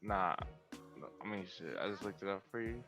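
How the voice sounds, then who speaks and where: Animated young man, slangy and lively. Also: sits low, moderate pace, over music. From United States. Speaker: stream regular. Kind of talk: casual chat with slang.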